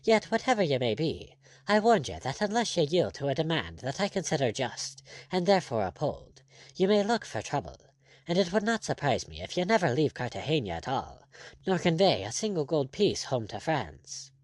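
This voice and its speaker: Bold, ironic buccaneer captain, blunt and firm; read by a male narrator. Animated, dry recording. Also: a little high, normal speed, no room sound.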